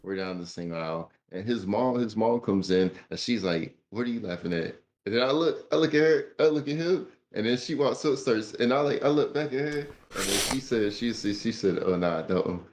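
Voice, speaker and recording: A man's voice: fairly low pitch, moderate pace, hardly any pauses. A man co-hosting a casual podcast, telling a loose, rambling story with many restarts. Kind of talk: casual chat.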